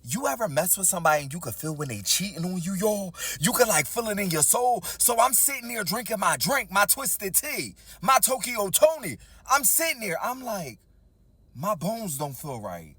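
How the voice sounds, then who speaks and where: A man telling a personal story in a casual storytime monologue, animated, talking straight to the audience and acting out the dialogue. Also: high voice, moderate pace, few pauses, slightly rough, no echo.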